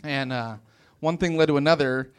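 A young man from West Virginia doing a stand-up comedy set on a club stage, animated and self-mocking, slipping into exaggerated voices. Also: fairly high pitch, normal speed, clean tone.

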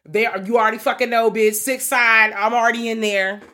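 A woman's voice: a little high, steady tone, fairly quick, pushed and bright. An American woman co-hosting a casual podcast chat, talking in a slangy, profane and playful way. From United States. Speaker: podcast co-host.

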